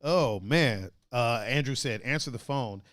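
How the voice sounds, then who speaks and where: A man co-hosting a casual podcast, joking around, laughing often and slipping into quick mock voices. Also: medium pitch, fairly bright tone, no echo, studio quality. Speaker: podcast co-host.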